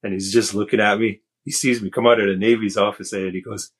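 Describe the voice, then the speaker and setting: A middle-aged man from Canada, a podcast guest, telling stories in a relaxed, self-deprecating way with many fillers. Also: on the low side, quick pace. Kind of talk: casual storytelling.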